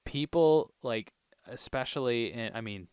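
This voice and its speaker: A man co-hosting a podcast, casually recapping TV episodes in a relaxed, rambling way with plenty of ums and uhs. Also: medium pitch, unhurried, clean tone, no echo, studio quality. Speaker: podcast co-host.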